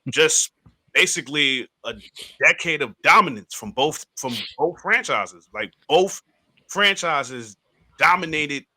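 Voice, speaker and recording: A man's voice: a little high, expressive, takes it slowly, bright, forceful tone, dry recording. A man co-hosting a sports podcast, talking in a laid-back way and agreeing often. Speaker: podcast co-host. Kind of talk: casual sports chat.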